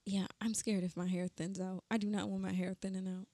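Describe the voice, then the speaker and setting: A woman's voice: mid-range voice, little pitch movement, brisk, dark tone, no echo. Young woman, podcast co-host, playful, giggly, dry close sound. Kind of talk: casual chat.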